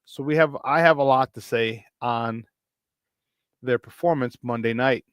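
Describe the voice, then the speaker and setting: A man of middle pitch hosts a casual sports talk show, excitable and prone to saying things twice. He rattles off stats in quick lists and sounds dry and close, with no room around him. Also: clean tone, dry recording. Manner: excitable, repeats phrases for emphasis; reads stat lines off in quick lists. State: doing burpees while talking.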